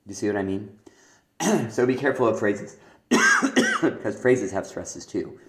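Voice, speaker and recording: Deep male teacher talking through rhyme feedback, hesitant and explanatory, recorded in an echoey room. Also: wildly swooping pitch, a little slow, a bit bright. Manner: explanatory, with fillers and throat-clearing. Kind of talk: spoken feedback on rhyme exercises.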